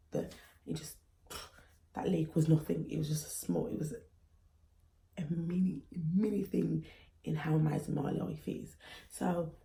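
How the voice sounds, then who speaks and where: Woman, twenties, from England, earnest chatty vlog talk, dark gravelly voice, echoey room. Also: low voice. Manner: chatty, earnest, frequent fillers. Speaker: vlogger and mum. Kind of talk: casual talk to camera.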